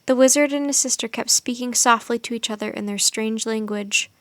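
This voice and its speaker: A woman reads a storybook aloud in a steady, expressive voice. Her voice sits a bit high. The recording is dry and close, with no room sound. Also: fairly quick, dry recording.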